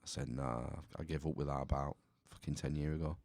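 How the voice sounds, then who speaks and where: A man's voice: extremely low pitch, fairly even intonation, brisk, a little mellow, no room sound. A man, co-hosting a podcast and telling stories in laid-back, casual banter. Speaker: podcast co-host.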